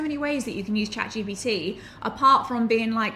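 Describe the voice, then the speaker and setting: A woman's voice: on the high side, fairly quick, few pauses, pushed and bright, slight background noise. A woman, teaching to camera in a chatty, enthusiastic way with anecdotal asides. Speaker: online business educator.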